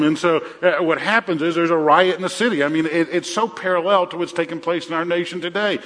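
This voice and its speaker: A man's voice: on the high side, fairly even intonation, quick pace, hardly any pauses, a bit bright. A middle-aged man preaching a sermon as a pastor, conversational, often repeating his phrases and telling jokes. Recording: reverberant hall.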